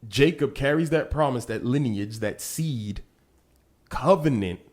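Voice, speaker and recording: A man co-hosting a podcast, casually teaching through a Bible passage and often checking in with "right?", growing animated as he retells the scenes. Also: mid-range voice, a little slow. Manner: gets animated when retelling scripture. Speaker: podcast co-host.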